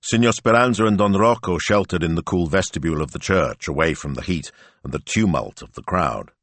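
Male audiobook narrator, deep, animated contour, dry studio read. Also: brisk, dry recording.

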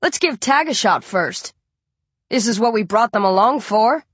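A woman voicing a cool, commanding male hunter leader with an American accent and a slow drawl. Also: fairly high pitch, expressive, no echo. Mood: calm command.

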